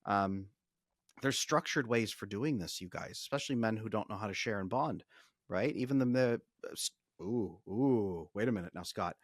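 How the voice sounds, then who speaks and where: A man's voice: lowish voice, normal speed, no echo, clean studio sound. A man speaking as a podcast guest and relationship coach, explaining ideas energetically with frequent restarts. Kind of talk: casual explanatory podcast talk.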